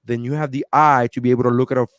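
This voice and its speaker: A man in his thirties co-hosting a podcast, telling a story in a lively, animated way and acting out other people's voices. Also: mid-range voice, rapid-fire, smooth, no echo, clean studio sound. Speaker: podcast co-host. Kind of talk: casual chat.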